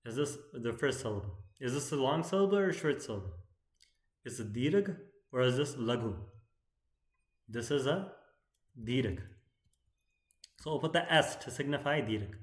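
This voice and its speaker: A man's voice: mid-range voice, lively intonation. Lecturing man in an echoey room. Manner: keeps asking "right?" as he explains; chants verse lines slowly. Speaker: teacher of poetic meter. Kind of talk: explanatory lecture.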